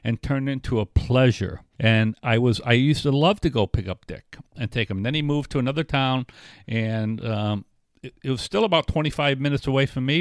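A man's voice: mid-range voice, no echo. Man telling a rambling story, dry sound. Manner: rambling, frequent restarts and filler. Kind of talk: casual storytelling chat.

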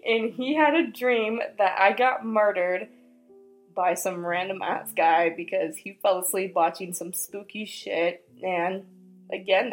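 A young woman hosting a storytelling podcast, talking casually in slangy, swearing speech and reading a listener's story aloud in a hushed tone. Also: mid-range voice, low-quality recording. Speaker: podcast host.

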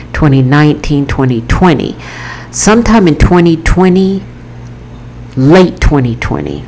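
A woman's voice: very deep voice, darkish tone, a little hiss or hum, poor audio. A woman author telling an emotional personal story to her viewers, earnest and repetitive as she talks it through. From Florida.

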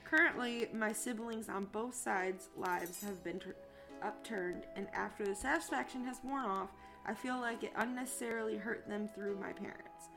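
A young woman co-hosts a casual podcast, reading a post aloud and then getting heated and swearing about it. Her voice sits at a middle pitch. Clear music plays behind her. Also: moderate pace. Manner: swearing, animated and indignant. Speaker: podcast co-host.

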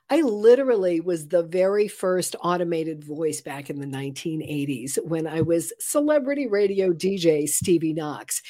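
Woman, 60s, calm coach; lively and playful, drops into soft, slow guided breathing. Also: fairly low pitch. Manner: expressive, playful, shifts into slow soothing guidance. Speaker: guest, calm and sleep coach. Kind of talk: conversational interview with guided breathing.

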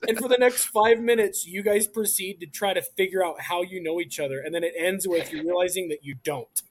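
A man co-hosting a podcast, telling an awkward story in casual, animated chat full of "like". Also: high-pitched, brisk, a little hiss or hum. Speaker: podcast co-host.

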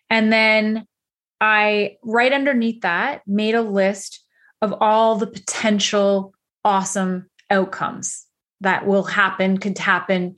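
Candid, energetic woman coach. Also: medium pitch. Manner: candid, energetic, frequent fillers. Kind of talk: motivational talk.

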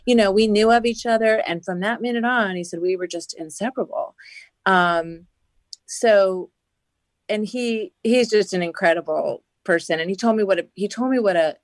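Speaking at normal speed in a mid-range voice, this podcast guest tells her story with earnest animation. She leans on "you know" fillers throughout the interview, and the recording is dry.

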